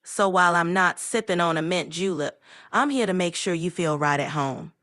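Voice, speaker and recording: A synthetic female voice doing a slow, easygoing Southern woman with a Southern accent, all sugar and darling. She sounds close and dry, in a slightly low register. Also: a bit bright, no room sound, natural voice. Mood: soothing. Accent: American Southern. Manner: drawling, sweet endearments. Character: warm, slow-talking Southern woman on a lazy afternoon.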